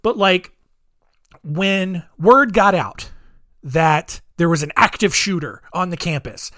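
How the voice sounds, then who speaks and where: Podcast host, solo commentary, rambling, filler-heavy, close dry mic, middle pitch. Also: slow pace, a bit bright, no room sound.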